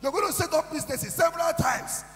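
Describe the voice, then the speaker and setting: A middle-aged Nigerian man giving a motivational testimony at a youth conference, in a preachy way that builds to shouting. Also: very high-pitched, quick pace. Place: large hall. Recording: echoey hall with soft music.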